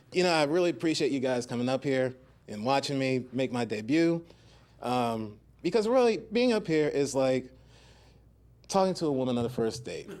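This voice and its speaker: A man doing his first stand-up set on a club stage, nervous and rambling with fillers, into a handheld mic. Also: mid-range voice. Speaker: stand-up comedian.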